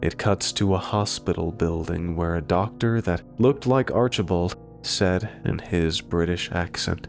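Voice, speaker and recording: A man narrating a horror story in a slow, deliberate scripted delivery. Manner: slow, deep and gravelly delivery. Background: faint guitar music.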